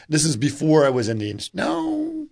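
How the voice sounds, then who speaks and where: A man's voice: medium pitch, rapid-fire, a little mellow. Man, casual podcast host, rambling anecdote delivery, lots of "uh". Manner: rambling storyteller, many fillers. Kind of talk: casual chat.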